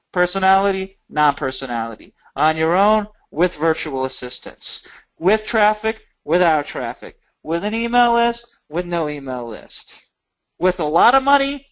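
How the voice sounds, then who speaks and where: A man giving an energetic sales pitch in a webinar, with emphatic rises in pitch. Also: lo-fi sound. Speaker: webinar presenter.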